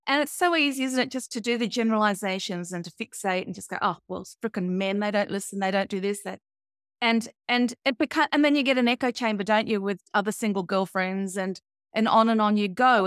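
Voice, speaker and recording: A woman's voice: fairly high pitch, smooth, no echo, studio quality. A woman podcast host who eagerly affirms her guest and often adds tag questions. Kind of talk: podcast interview.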